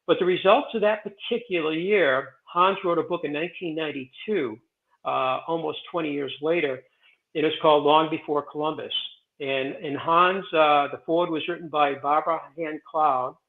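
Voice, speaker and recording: A man's voice: a little high, moderate pace. A man in his sixties, a guest on an interview, telling stories in a rambling, digressive way full of fillers and restarts. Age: 60s. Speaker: guest, president of a historic stone site. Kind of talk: casual interview storytelling. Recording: tinny phone-like remote line.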